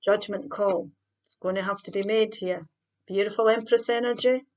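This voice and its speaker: A woman reads tarot in an easy, chatty way, talking through each card as she draws it. Her voice sits at a middling pitch. The recording is a little dull and lo-fi. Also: steady tone, normal speed, darkish tone. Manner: chatty, thinks aloud while pulling cards. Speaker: tarot reader. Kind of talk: casual tarot card reading.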